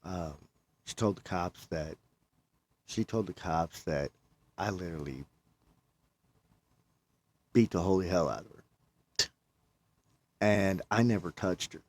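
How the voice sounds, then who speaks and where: This is a deep-voiced man speaking slowly with long pauses. Chatting casually, he tells a long personal story in a rambling way, repeats himself, and keeps quoting himself.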